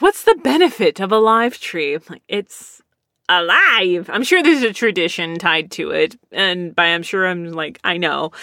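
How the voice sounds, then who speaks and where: A woman's voice: lowish voice, a bit bright, dry recording, clean studio sound. A woman with a lisp, chatting casually and rambling as a streamer reads out viewer comments, laughing often. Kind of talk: casual chat.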